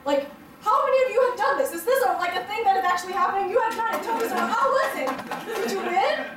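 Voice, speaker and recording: A woman's voice: extremely high pitch, animated, quick pace, over a noisy crowd. A young woman performing a stand-up comedy set, rambling through her stories with lots of fillers and laughter. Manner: rambling, filler-heavy storytelling with frequent laughs. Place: hotel event room before a live audience. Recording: roomy, distant live-show sound.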